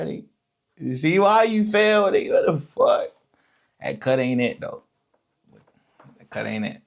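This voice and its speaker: A man streaming a casual reaction to video clips, blunt, profane and joking. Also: mid-range voice.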